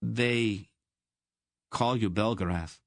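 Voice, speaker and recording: A man's voice: lowish voice, slow, no room sound, clean studio sound, voice pushed up. A man voicing a resentful teenage farm boy in an audiobook, sulky and defensive. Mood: sulky, defiant. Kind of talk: audiobook character voice.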